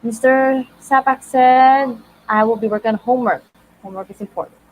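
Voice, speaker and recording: A woman's voice: on the high side, fairly quick, a little hiss or hum, poor audio. A woman in her thirties hosting a casual writing livestream, bubbly and greeting viewers by name. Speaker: livestream host.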